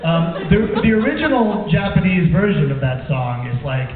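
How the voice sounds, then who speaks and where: A man's voice: on the high side, lively intonation, moderate pace, over loud music. A man telling booth stories as a voice director on a convention panel, joking and laughing often. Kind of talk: panel storytelling. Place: large convention hall. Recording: distant echoey hall, phone-like audio, audience noise.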